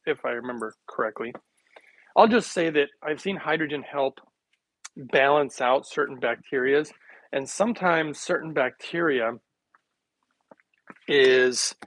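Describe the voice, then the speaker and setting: A man hosting a casual health livestream, rambling and joking with viewers, laughing often while making a smoothie in his kitchen. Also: mid-range voice, fairly bright tone, rough recording.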